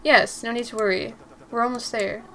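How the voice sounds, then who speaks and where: A gentle, soft-spoken young man, as a woman reads him out from a visual novel. He talks calmly and politely, a touch hushed, and his voice sits fairly high. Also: normal speed, a little hiss or hum. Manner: calm, soothing and polite. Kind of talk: reading a visual novel aloud.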